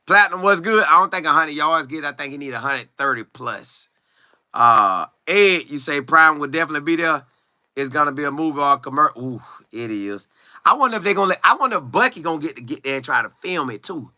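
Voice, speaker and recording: Lively, bright-voiced man chatting with viewers. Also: on the high side, brisk, no room sound, studio quality. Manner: animated, chatty, sings and riffs, reads viewer comments aloud. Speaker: sports commentary streamer. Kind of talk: casual live-stream chat.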